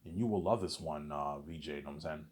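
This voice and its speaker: Man, deep voice, casual storytelling, rambling, repetitive fillers. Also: fast, darkish tone. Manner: rambling, repeats "you know what I'm saying".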